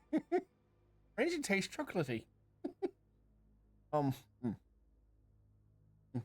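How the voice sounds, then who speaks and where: A man's voice: high-pitched, huge pitch swings, drawn-out words, long pauses, no echo. A man playing a tabletop game, chatting casually and giggling often. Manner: giggly and playful. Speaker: player.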